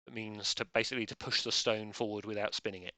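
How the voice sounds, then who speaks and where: A man's voice: lowish voice, little pitch movement, quick pace, bright, forceful tone, no echo. A man hosting a live online quiz, joking drily and rambling. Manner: dry, rambling, self-deprecating jokes. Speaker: quiz host.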